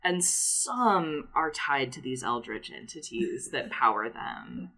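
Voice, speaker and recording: A woman running a tabletop role-play as game master, with a low voice that rises and falls a lot. She talks slowly, laughs often and leans on fillers as she sets scenes. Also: big pitch swings, sharp tone, breathy edge. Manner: laughing, hesitant narration with many fillers.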